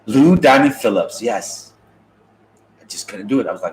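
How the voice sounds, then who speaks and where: A man's voice: fairly low pitch, animated, normal speed, a little mellow, echoey room, slight background noise, poor audio. A man telling funny stories in a casual talk show, joking and acting out the voices of people he quotes. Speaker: podcast host. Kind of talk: casual comedic storytelling.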